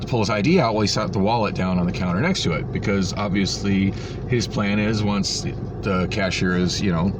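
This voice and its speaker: The man's voice sits low, and there's noise in the background. In a phone-recorded vlog, he rants about going to a store, sounding exasperated and sarcastic and swearing freely.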